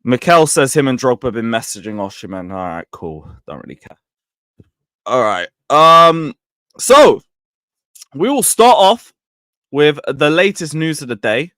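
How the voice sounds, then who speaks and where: Animated young man ranting. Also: medium pitch, no echo, studio quality. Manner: animated, mocking, swears freely, swings between loud and muttered. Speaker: football channel host. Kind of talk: casual livestream rant.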